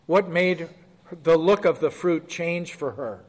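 A man's voice: fairly high pitch, takes it slowly, long reverb tail. A man leading a Bible study, reading scripture aloud and asking the group questions in a conversational way. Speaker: Bible teacher. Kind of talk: interactive Bible study teaching.

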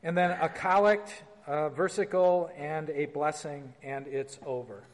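Male pastor leading a class; high-pitched, conversational, reads liturgy with emphasis; slight hall reverb. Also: fairly even intonation, measured pace. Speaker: pastor teaching a Bible class. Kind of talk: informal church class lecture with liturgy reading.

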